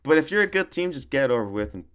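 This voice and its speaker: A young man talks through a football season on his own, casual and rambling, with frequent swearing. His voice swings up and down with lively animation, and he keeps correcting himself mid-sentence as he gets worked up. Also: mid-range voice, very fast. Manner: excitable outbursts. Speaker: sports commentator. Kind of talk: casual solo sports commentary.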